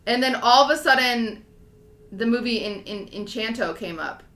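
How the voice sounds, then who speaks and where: A young woman in her twenties, a podcast co-host, chatting casually and telling a story in an animated way, full of fillers. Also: a little high, normal speed, reverberant. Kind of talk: casual chat.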